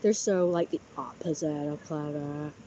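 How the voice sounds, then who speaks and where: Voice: medium pitch, fairly even intonation, moderate pace, warm tone, slight background noise. A person, vlogging outdoors by a canal in a chatty, boastful, wandering monologue. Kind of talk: casual rambling monologue. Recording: slightly muffled outdoor recording, faint background.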